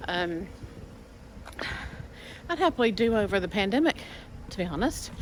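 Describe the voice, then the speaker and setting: A woman's voice: medium pitch, big pitch swings, normal speed, a little hiss or hum. A woman in her forties talking candidly in a personal vlog, rambling with many fillers. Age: 40s. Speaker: vlogger.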